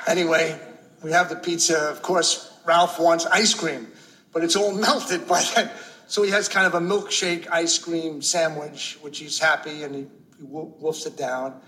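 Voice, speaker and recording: A middle-aged man telling a personal story in a relaxed, wry way, filling it with "you know". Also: a little high, measured pace, a little hiss or hum, rough recording.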